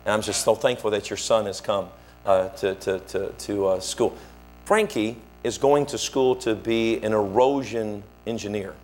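A man's voice: on the low side, moderate pace, a little hiss or hum. A male pastor, preaching a sermon and telling stories, acting out the people he quotes. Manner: animated storyteller, acts out quoted voices. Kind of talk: sermon storytelling.

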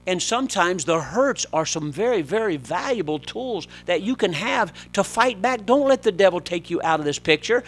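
A middle-aged man preaching a sermon, swinging between loud, urgent exhortation and quieter, conversational asides. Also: sits high, expressive, normal speed, few pauses.

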